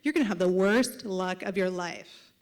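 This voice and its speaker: A pushy, superstitious middle-aged boss, as a woman storyteller puts him on, slightly lower than her own voice. He is insistent and teasing. It is told live on a story stage. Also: moderate pace, lightly acted.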